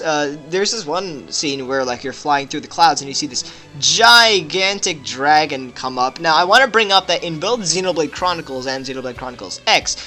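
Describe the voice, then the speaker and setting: A young man casually analysing a game trailer, excitable and rambling, with lots of fillers. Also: a little high. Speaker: gaming video host. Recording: faint background music.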